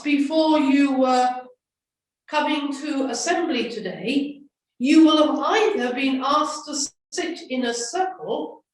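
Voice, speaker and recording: A woman leading a children's school assembly, giving slow, gentle instructions. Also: high-pitched. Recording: echoey room from far off.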